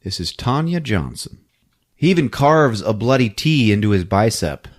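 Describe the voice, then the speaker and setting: A man hosting a podcast, recapping a movie in a comedic, animated way. He laughs often and acts out the characters' lines. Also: fairly low pitch, moderate pace. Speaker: podcast host. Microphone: podcast microphone.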